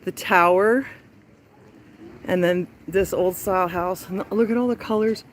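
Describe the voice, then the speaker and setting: A woman's voice: on the low side, measured pace, slight background noise. Chatty woman vlogging on an uphill walk. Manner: chatty, breathless from climbing, yawning. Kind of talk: walking travel vlog. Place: outdoors in a hilly lakeside town.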